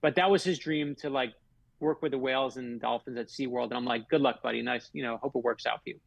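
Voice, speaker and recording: A middle-aged man from Florida tells heartfelt stories as a guest on a radio show. His voice is gravelly and husky, and he leans hard on the big lines. The sound is close and dry. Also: mid-range voice, fairly even intonation, fast talker, no echo. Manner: heartfelt, emphatic, builds stories to a punch. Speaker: author guest. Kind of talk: earnest storytelling in a radio interview.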